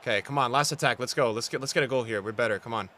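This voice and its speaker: A man's voice: mid-range voice, very fast, pushed and bright. A young man streaming live gameplay and talking to his chat, frustrated and trash-talking as he plays.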